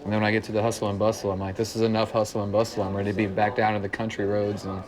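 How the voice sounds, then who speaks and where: A man's voice: lowish voice, flat delivery, racing. A man from Central Illinois with a slight small-town country twang, telling stories in an easygoing interview, with plenty of "kinda" and "uh". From Central Illinois, United States. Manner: easygoing storyteller, many "kinda" and "uh". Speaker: musician interviewee. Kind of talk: relaxed interview talk. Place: working man's bar. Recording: noisy bar with crowd chatter. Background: bar crowd chatter.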